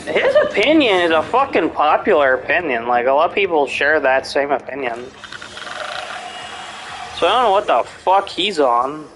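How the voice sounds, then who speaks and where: A man's voice: fairly high pitch, big pitch swings, moderate pace, fairly bright tone, a little hiss or hum, poor audio. A man in casual chat, rambling and swearing a lot, with many fillers and restarts. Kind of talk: casual chat about horror movies.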